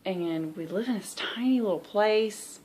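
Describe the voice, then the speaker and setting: Measured and a little mellow, this woman's medium-pitched voice carries a Southern US accent. She's a thirty-something cross-stitch vlogger rambling through a candid, casual chat and sounding worn out.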